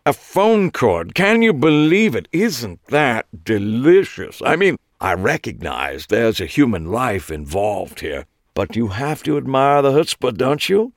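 A man voicing a flamboyant British man with a nasal accent who talks far too loudly and theatrically. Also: sing-song, a little slow, hardly any pauses, no room sound, clean studio sound. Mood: gushing. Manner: booming, theatrical, gossipy.

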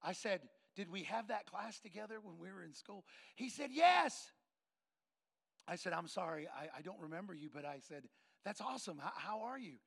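A man preaching, telling a story and acting out the dialogue with lively, shifting voices. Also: sits high, fairly quick, gravelly. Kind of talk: sermon storytelling.

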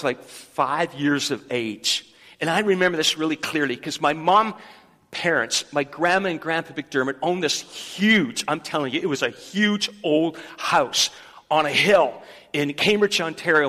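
A man preaching a sermon as pastor in a church, rallying the congregation to repeat a verse aloud. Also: sits high. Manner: leads the congregation in loud call-and-response. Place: church sanctuary. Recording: long hall reverb.

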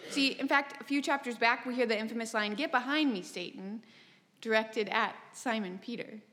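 A woman pastor preaching a sermon, measured and emphatic, with wry asides. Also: a little high, a bit bright. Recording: long reverb from a large hall.

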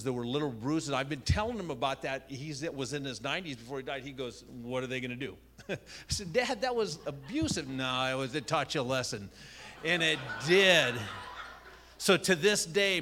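An older male pastor shares a childhood story from the pulpit. He talks casually, with frequent restarts and a self-deprecating manner. His voice sits at an ordinary middle pitch. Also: fairly bright tone. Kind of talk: sermon storytelling.

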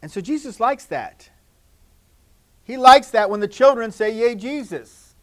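A male pastor with a fairly high voice gives a children's sermon, gentle and repetitive, moving between loud moments and hushed ones. His intonation is lively and his pace a little slow.

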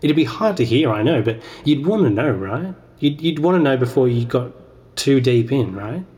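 A man's voice: mid-range voice, animated, normal speed, dark tone. A man, hosting a podcast and rambling in a self-deprecating comic monologue as he argues with himself. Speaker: podcast host. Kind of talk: comedic sketch monologue.

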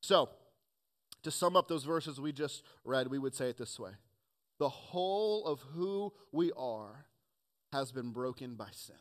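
A man preaching a sermon with earnest emphasis, rising to loud points and dropping to quiet asides. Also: medium pitch, animated, a little slow. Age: adult, has children. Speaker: pastor.

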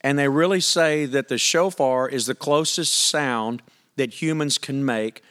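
A pastor preaching a sermon, reading scripture aloud and asking the congregation questions in a conversational, emphatic way. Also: male voice, medium pitch, a little slow, a bit bright.

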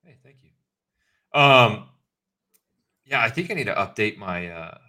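A man co-hosting a podcast in casual chat, ranting in animated bursts of mock anger. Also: lowish voice, slow. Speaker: podcast co-host.

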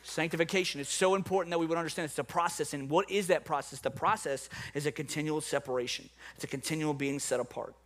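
A middle-aged pastor with a New Orleans accent delivers a sermon in a high, bright voice. He starts low and quiet and builds to loud preaching. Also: steady tone, quick pace, hardly any pauses.

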